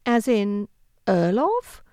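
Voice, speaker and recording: A woman's voice: big pitch swings, drawn-out words, smooth, no echo, clean studio sound. A woman reading an audiobook, voicing a determined young woman of twenty-four in an earnest, pleading tone. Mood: flustered. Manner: earnest and pleading, higher and brighter than the narration. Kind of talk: audiobook character voice.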